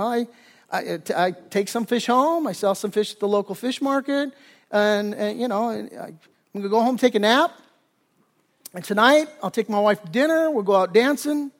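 A male pastor preaching a sermon in a casual, animated storytelling way, often restarting his phrases. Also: high voice, brisk.

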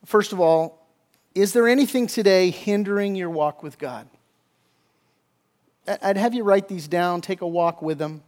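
A male pastor preaching a sermon emphatically, with frequent restarts, sometimes dropping to a hushed, soft voice. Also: high voice. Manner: emphatic preaching with many restarts, voicing biblical figures in quotes; drops to a hushed, soft voice in tender moments.

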